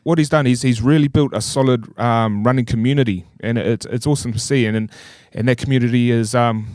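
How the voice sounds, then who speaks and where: A man's voice: mid-range voice, steady tone, quick pace, darkish tone, no room sound, studio quality. A New Zealand man hosting a podcast, talking casually with lots of hesitation. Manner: hesitant, filler-heavy. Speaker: podcast host. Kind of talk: casual chat.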